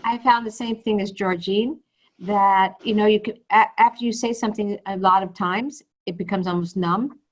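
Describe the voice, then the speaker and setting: A woman's voice: medium pitch, steady tone, normal speed, low-quality recording. A woman on a video call reflects on an exercise, feeling her way toward the right words. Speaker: workshop participant.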